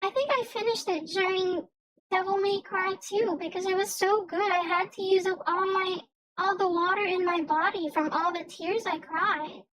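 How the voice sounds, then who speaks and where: A woman's voice: very high-pitched, fairly even intonation, moderate pace, a bit bright, rough recording. A young woman streamer in casual livestream chat, rambling and often stammering and restarting her sentences.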